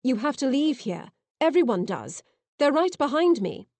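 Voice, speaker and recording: A woman's voice: high voice, sing-song, normal speed, a little mellow, no room sound, voice pushed up. A woman voicing an urgent young man. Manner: urgent, insistent warnings.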